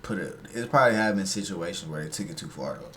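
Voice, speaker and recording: A man's voice: deep voice, expressive, fast, fairly bright tone, roomy sound, a little hiss or hum. Slangy man reacting to a video. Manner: slangy, loose, talks back to the video. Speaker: reaction streamer. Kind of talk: casual reaction commentary.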